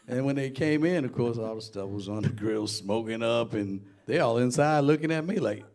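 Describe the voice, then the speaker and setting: An older man from Massachusetts spins stories about his life, animated and full of laughter. He is a band singer talking as a guest in a basement studio. His voice sits in a plain middle pitch. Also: moderate pace. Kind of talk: casual storytelling.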